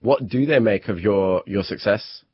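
Husky-voiced male interviewer. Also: on the low side, moderate pace, no room sound. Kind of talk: interview questions. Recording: dull lo-fi recording.

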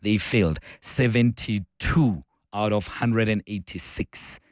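A man with a South African accent hosting a morning radio talk show, his voice croaky and hoarse, chatting and thinking aloud. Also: on the low side, slow pace, no echo, clean studio sound. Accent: South African English. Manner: chatty, warm greetings, thinking aloud with fillers. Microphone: studio microphone, close and dry.

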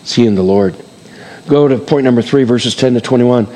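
A man's voice: mid-range voice, brisk, warm tone, long reverb tail. A man preaching a sermon, reading scripture aloud and acting out the voices with dramatic swings and chuckles. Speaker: pastor.

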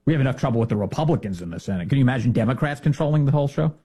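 A man's voice: mid-range voice, expressive, very fast, warm tone, slightly rough. A man giving opinionated political commentary in a sarcastic, indignant way. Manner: sarcastic, indignant, mocking impressions.

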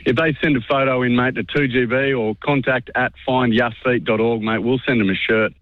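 A man from Queensland with an Australian accent, calling in to a radio show. He speaks warmly and with feeling, saying "mate" constantly. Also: medium pitch, steady tone, brisk, no room sound. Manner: warm, emotional, says "mate" constantly. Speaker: caller. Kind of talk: phone-in radio chat. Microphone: telephone. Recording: phone line on radio.

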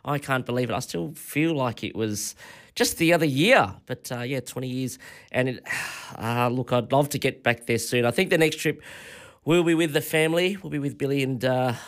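A man's voice: medium pitch, moderate pace. An Australian man in his forties, a radio host telling rambling travel stories in a casual on-air monologue. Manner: rambling anecdotal storytelling.

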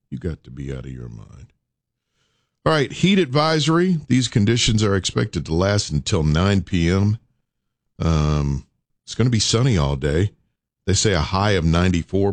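Urging radio host man, lively pitch. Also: no echo. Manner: urging, preacher-like repetition. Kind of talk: morning radio talk.

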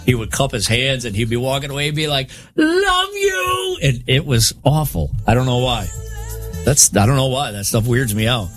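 A man's voice: medium pitch, normal speed, soft background music. A man with a wife and daughters, co-hosting a show and telling stories in casual, emphatic banter. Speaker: radio show co-host.

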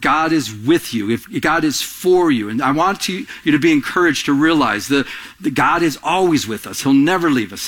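A pastor with a slightly high voice preaches to his congregation in an animated way. He swings between soft and raised delivery and acts out little scenes using quoted voices.

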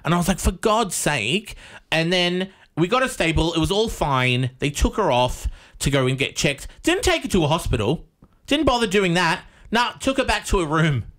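A man co-hosting a casual chat show, telling stories in a rambling, animated way full of fillers. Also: fairly high pitch, moderate pace. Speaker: podcast co-host.

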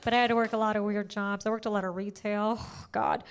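A woman doing a stand-up comedy set, loud and punchy, often laughing at her own jokes. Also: medium pitch, flat delivery, fast, slight background noise. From United States.

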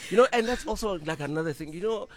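A middle-aged man, co-hosting a morning radio show in easy, animated chat from a studio. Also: sits high, fast, over a noisy crowd. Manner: animated, laughs easily, restarts and fillers. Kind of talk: casual breakfast radio chat.

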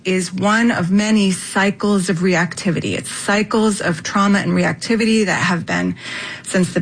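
A woman guest on a radio interview talks at an even, middle pitch. She lays out her ideas earnestly and step by step. She often tags her points with a quick "right?". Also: low-quality recording. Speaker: guest expert.

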